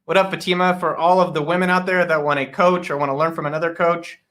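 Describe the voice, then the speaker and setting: A man's voice: on the high side, little pitch movement, fast, fairly bright tone. A man hosting a casual live office-hours stream, energetically greeting viewers by name and joking around. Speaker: livestream host. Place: home studio in a guest room.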